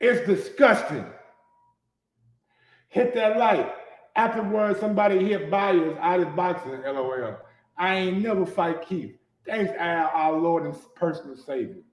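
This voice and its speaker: A man hosting a sports commentary show, ranting casually with lots of profanity and swinging between low mutters and loud shouts, in a manner. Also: a little slow, reverberant.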